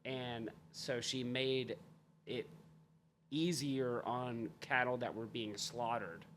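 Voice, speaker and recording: A man's voice: mid-range voice, fairly even intonation, slow pace, a bit bright, slight background noise. A man who teaches, co-hosting a casual podcast and rambling while he searches for words. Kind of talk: casual banter among friends.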